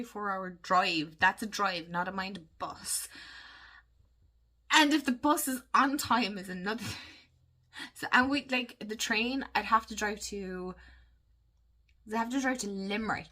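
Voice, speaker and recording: A woman's voice: medium pitch, sharp tone. A woman in her thirties with an Irish accent, chatting casually to camera and laughing often as she talks. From Ireland. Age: 30s. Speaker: vlogger. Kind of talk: casual chat.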